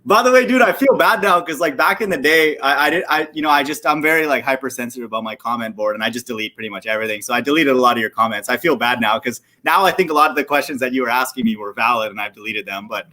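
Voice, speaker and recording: A man's voice: mid-range voice, steady tone, rapid-fire, few pauses, pushed and bright. A man hosting a casual livestream chat, talking loosely in slang with lots of "dude" and "like". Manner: loose slangy talk, says "dude" and "like" often. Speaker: host. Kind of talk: casual conversation on a livestream panel.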